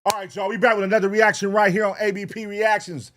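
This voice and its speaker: A man streaming live, reacting to clips and chatting loudly and profanely with his viewers. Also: sits high, fast, a little hiss or hum. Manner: loud, excitable, profane, animated. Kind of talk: casual livestream chat.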